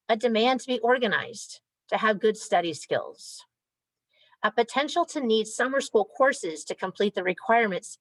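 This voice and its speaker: Woman, program coordinator, mid pitch, clear and organized, dry video-call sound. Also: dry recording, low-quality recording. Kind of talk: informational presentation on a video call.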